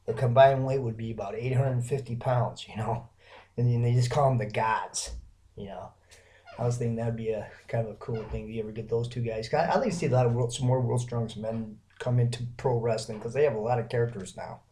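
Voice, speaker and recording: A man's voice: mid-range voice, steady tone, brisk, mellow. A man from Alabama, rambling through a casual solo vlog with lots of fillers and restarts. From Alabama, American South. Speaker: vlogger.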